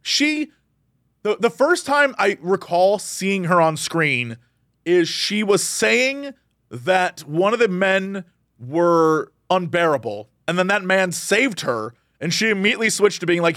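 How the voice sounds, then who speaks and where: A man co-hosting a casual podcast, ranting in an animated way and jumping into quoted voices. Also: sits high, unhurried, dry recording, clean studio sound. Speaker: podcast co-host.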